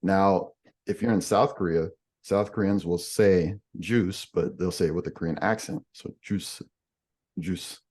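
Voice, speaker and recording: A man's voice: deep voice, moderate pace, darkish tone. A man explaining language differences in a podcast conversation, patient and giving examples as he goes.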